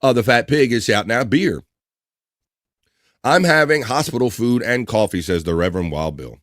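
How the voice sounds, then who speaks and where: A man hosting a livestream, chattily reading out chat messages and shout-outs with quick asides. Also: mid-range voice, expressive, no room sound, clean studio sound. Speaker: livestream host.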